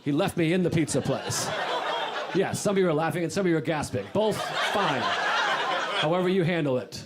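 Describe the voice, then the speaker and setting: A man's voice: medium pitch, background noise. A male stand-up comedian doing a laid-back, rambling routine full of "like"s.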